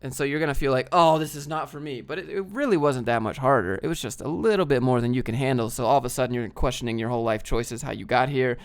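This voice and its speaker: A man's voice: medium pitch, fast talker, few pauses, smooth. A man hosting a casual livestream, reading chat questions aloud and answering in a rambling, joking way.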